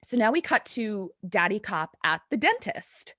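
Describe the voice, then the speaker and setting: A woman's voice: medium pitch, measured pace, dry recording. A woman retells a horror episode for a live podcast crowd. She is chatty and profane, with "like" in nearly every line. Her voice sits mid-range and sounds dry and close. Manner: animated, profane, full of "like". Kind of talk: casual live recap. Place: live event stage.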